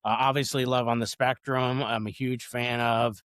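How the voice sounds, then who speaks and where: A man's voice: mid-range voice, little pitch movement, normal speed, fairly bright tone, clear, resonant tone, no room sound, studio quality. Rambling, eager man in his forties. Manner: rambling, eager, repeats words while talking. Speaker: comedian guest. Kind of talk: casual interview chat.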